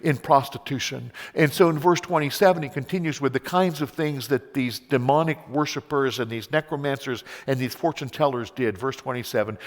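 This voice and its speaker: A male pastor delivering a sermon in a church, his middle-pitched voice carried on a long hall reverb. He builds to fervent, rising runs and then drops to slow, hushed, weighted words. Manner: building intensity then dropping to quiet emphatic words. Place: church sanctuary.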